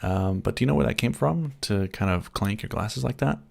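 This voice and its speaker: A man's voice: on the low side, a little fast, creaky. A man from Germany with a slight American accent hosts a casual livestream at home. He chats easily, reads out viewer comments, answers them, and laughs often. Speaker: livestream host.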